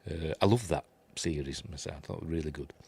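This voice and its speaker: A man's voice: extremely low pitch, a little fast, gravelly, darkish tone, breathy edge, no echo. A middle-aged man with a Yorkshire accent hosts a casual live review, chatting, reading viewer messages and laughing at his own jokes. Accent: Yorkshire English. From Yorkshire, England. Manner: reads out viewer chat messages. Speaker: host of a livestream review show.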